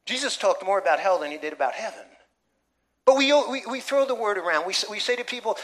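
A man's voice: high-pitched, expressive, fast, fairly bright tone. A man preaching a sermon in a church, emphatic, with many rhetorical questions to the congregation. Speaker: pastor.

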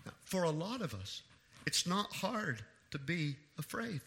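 A married man preaching an evening sermon, pressing his points by repeating them and swinging from hushed to loud. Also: a little high, big pitch swings, a little slow. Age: adult. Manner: emphatic preaching with repeated phrases. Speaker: pastor.

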